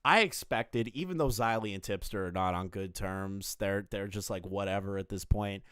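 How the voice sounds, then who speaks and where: A man's voice: lowish voice, normal speed, fairly bright tone, clean tone, no echo, studio quality. A man on a casual livestream reacting to online drama, swearing freely, joking and talking straight to his chat.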